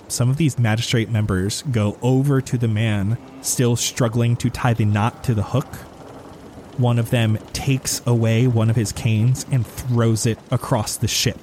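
A man running a tabletop game as game master, narrating in a steady, descriptive way. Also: medium pitch, a little slow, a little hiss or hum.

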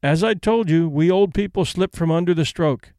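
This is a brisk old lady in a storybook reading who meets grief with practical plans, voiced by a male narrator. Her voice sits a little high, and she talks crisply and decisively. The sound is dry and close. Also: a little mellow, no echo, close to an everyday voice. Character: older woman, brisk, stoic, practical invalid.

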